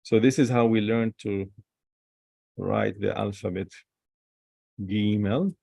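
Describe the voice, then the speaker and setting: Man, slow, drawn-out alphabet lesson, repeats sounds, gravelly. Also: fairly low pitch, fairly even intonation, a little mellow, no room sound, clean studio sound. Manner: repeats sounds slowly, pauses while writing. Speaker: Hebrew teacher.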